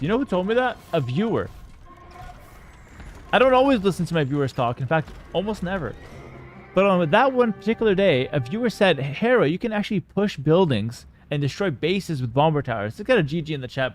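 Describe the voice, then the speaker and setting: A young man, streaming and commenting on a game with cocky, joking banter toward his chat. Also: on the high side. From Canada. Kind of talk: casual live-stream gameplay commentary.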